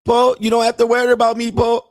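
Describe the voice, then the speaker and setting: A man putting on a high, wheedling young Thai bar girl in a mock Thai accent, speaking broken English and tacking "sir" onto every line. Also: completely flat delivery, fast talker, darkish tone, no room sound, studio quality. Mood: protesting innocence. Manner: sing-song, wheedling, keeps adding "sir" and "Po". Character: pleading young Thai bar girl woman, sweet-talking.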